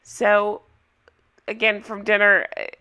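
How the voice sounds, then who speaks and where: A woman recapping a reality show in a casual, opinionated way, hoarse from a cold and asking viewers for their thoughts. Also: medium pitch, completely flat delivery, takes it slowly, bright, forceful tone. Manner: chatty, opinionated, asks viewers for comments.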